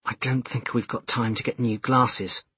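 A man's voice: fairly low pitch, moderate pace, husky, no echo. A man voicing a tense adult driver who keeps his strain in check, speaking in short, clipped lines in an audiobook. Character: tense adult man driving, trying to stay calm.

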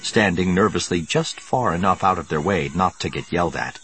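A man narrating an audiobook with a measured, expressive reading. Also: deep voice, slight background noise. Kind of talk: scripted narration.

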